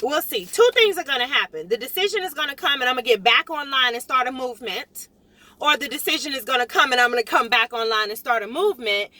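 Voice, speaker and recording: High, bright, fired-up woman ranting. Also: fast talker, dry recording. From South Florida. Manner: emphatic, animated, repeats lines for emphasis. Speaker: realtor. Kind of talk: impassioned vlog rant.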